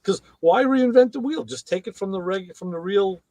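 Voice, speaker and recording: Animated high-voiced man telling stories. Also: normal speed, dry recording. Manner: animated storyteller, acts out characters' lines in raised voices. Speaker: podcast co-host. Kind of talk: casual chat retelling TV episodes.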